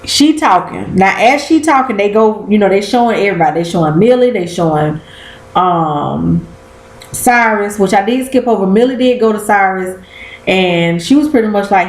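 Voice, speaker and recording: A woman's voice: medium pitch, normal speed, reverberant, low-quality recording. A woman chatting casually about a TV episode, slangy and cussing as she acts out quotes. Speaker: vlogger recapping a TV episode. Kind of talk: casual chat.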